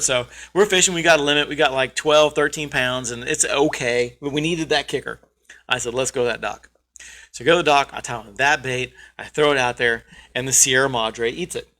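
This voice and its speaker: Bright-voiced, emphatic man hosting a podcast. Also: medium pitch. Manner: emphatic, joking storyteller. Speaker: podcast host. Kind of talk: casual chat.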